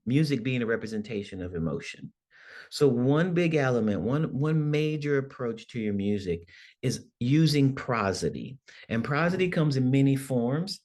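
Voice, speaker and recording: A man, a songwriting professor, giving a conversational workshop lecture, often checking in with "right?" and acting out examples in different voices. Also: medium pitch. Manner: animated, demonstrates with acted-out voices.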